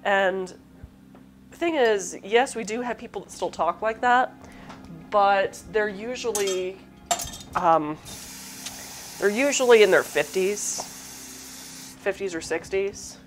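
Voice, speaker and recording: A woman's voice: mid-range voice, takes it slowly, pauses often, slight background noise. A woman hosting a cooking demo, chatting casually with rambling asides while she cooks, her accent a light Southern lilt mixed with Midwestern. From southern United States. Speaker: cooking show host.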